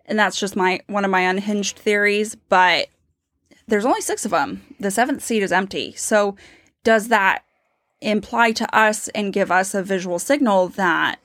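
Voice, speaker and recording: A woman's voice: mid-range voice, unhurried, a bit bright, no echo, clean studio sound. A woman co-hosting a podcast, talking casually and eagerly about a book and her theories. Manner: enthusiastic, theorizing, reads quotes aloud. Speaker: podcast co-host. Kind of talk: casual book-discussion chat.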